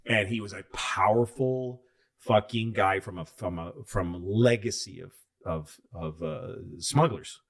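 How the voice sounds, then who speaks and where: Guy in his 50s with a lowish voice, swears a lot, rambles through a story like a comic on a podcast. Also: lively intonation, unhurried, vocal fry. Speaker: comedian. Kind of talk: casual podcast chat.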